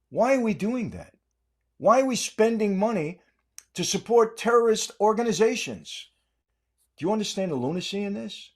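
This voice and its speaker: A man's voice: fairly high pitch, darkish tone. An older man hosting a podcast, delivering an emphatic political monologue full of repeated rhetorical questions. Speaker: podcast host.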